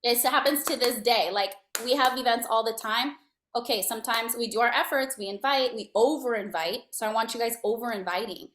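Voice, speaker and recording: A woman giving a motivational network marketing talk, energetic and slangy, checking in with her listeners often. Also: a little high, brisk, a little hiss or hum. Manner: energetic, slangy, coaching tone with frequent "right?". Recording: echoey room.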